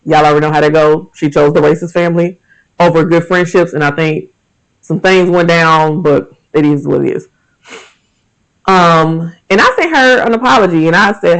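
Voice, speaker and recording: A man's voice: high voice, normal speed, low-quality recording. A man in his thirties hosting a podcast, talking frankly and emphatically in a casual monologue about faith and everyday life. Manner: candid, emphatic, frank and animated. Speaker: podcast host.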